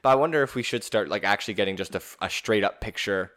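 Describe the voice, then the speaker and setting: A man's voice: lowish voice, fast, a bit bright. A man co-hosting a casual podcast chat, rambling and circling back on his words. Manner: rambling, many restarts and fillers. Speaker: podcast co-host.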